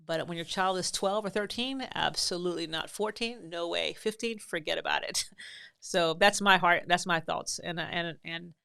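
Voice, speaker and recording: Middle-aged woman, podcast host, slightly low voice, earnest and emphatic, chatty advice with fillers. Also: normal speed, creaky, bright, forceful tone, clean tone. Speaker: podcast host and parenting advisor. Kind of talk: casual advice talk.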